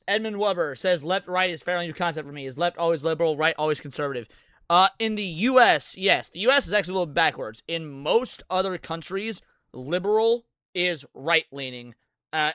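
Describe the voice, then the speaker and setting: A man's voice: on the high side, sharp tone, clean tone, no room sound, clean studio sound. A man hosting a casual commentary show, making sarcastic, mocking asides and answering questions from chat. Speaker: host.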